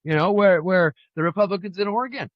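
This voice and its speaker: A man's voice: high voice, fast, dry recording, muffled recording. A man co-hosting a podcast, chatting casually about politics and telling stories, rambling, repeating himself and firing off emphatic rhetorical questions. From California. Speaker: podcast co-host.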